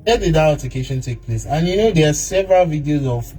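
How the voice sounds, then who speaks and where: Man in a played clip, dark mellow tone, steady explainer. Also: a little high, fast, slightly rough, soft background music, poor audio.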